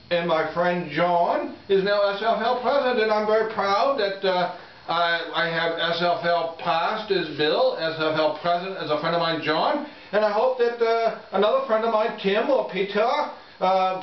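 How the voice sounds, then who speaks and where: A man's voice: high voice, moderate pace. A man co-hosting a casual sports picks chat, playful and hesitant, with many fillers and restarts. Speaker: co-host of a sports picks show. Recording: roomy, distant, dull home recording.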